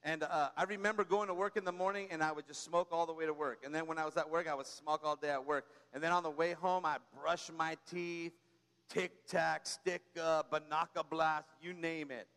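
A man delivering a sermon in a high, light voice, talking to the congregation like a friend and telling stories with humor. He keeps prompting the room with quick asides. His voice trails off into a long reverb from a large church space. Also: steady tone, a bit bright, smooth. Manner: conversational preaching, frequent "come on" and "right?"; tells personal stories with humor. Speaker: pastor.

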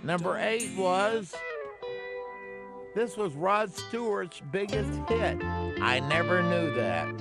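A man's voice: high-pitched, expressive, takes it slowly, long pauses, loud music behind the voice. A man co-hosting a radio show, methodically counting down a list of songs. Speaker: radio co-host. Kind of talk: casual radio chat.

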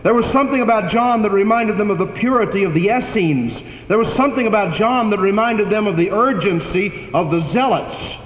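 A man's voice: sits high, a little fast, few pauses. A man preaching a sermon, building emphatic repeated phrases in a preacher's cadence. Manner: preacherly, repetitive cadence, rising to emphatic declarations. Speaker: pastor. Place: church sanctuary. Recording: echoey hall, faint background hiss.

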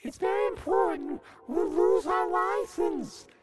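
A man doing a high-pitched fussy Pittsburgh producer. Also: fairly even intonation, measured pace, loud music behind the voice. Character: fussy radio station producer. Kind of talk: improvised comedy podcast.

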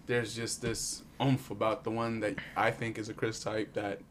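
A man's voice: lowish voice, flat delivery, normal speed, a little hiss or hum. Playful, teasing man on a podcast. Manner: playful, teasing, filler-heavy. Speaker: podcast co-host. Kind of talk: casual chat.

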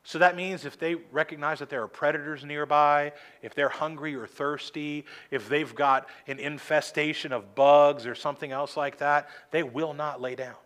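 Male pastor, sermon at the pulpit, slightly higher voice, earnest with dry humor and deliberate emphasis. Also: fairly even intonation, a bit bright. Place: church sanctuary at a pulpit.

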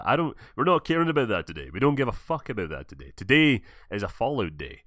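Scottish man, young, podcast host, lively up-and-down voice, dry close sound, rambling with swearing. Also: medium pitch, no echo. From Scotland. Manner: rambling, swearing, quick self-corrections. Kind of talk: casual chat.

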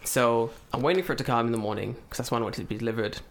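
A man's voice: medium pitch, rapid-fire, a little hiss or hum. A man in casual chat, telling a story with lots of swearing and acted-out voices. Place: lives in Japan.

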